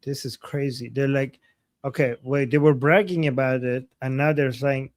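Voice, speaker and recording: A man from Iran co-hosting a casual news commentary, excitable and exclaiming often. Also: mid-range voice, moderate pace, no echo, studio quality. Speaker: co-host.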